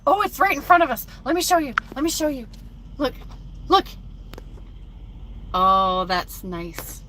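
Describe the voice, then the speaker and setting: A woman truck driver live-streams from her cab at a truck stop and chats casually with her viewers, reading their comments aloud. Her voice is bright and sits a little high. She is recorded on a phone with faint vehicle noise behind her. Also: sing-song, unhurried.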